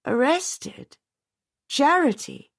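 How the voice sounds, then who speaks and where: A woman's voice: mid-range voice, a little slow, creaky, dry recording, clean studio sound, voice pushed up. A woman voicing a distraught middle-aged widow, her voice pleading, teary and strained as it rises.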